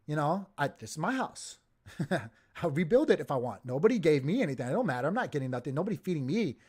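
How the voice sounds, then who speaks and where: A man's voice: a little high, sing-song, quick pace, darkish tone, breathy edge. A man hosting a crypto livestream, talking in a heated, emphatic way and repeating himself as he gets worked up.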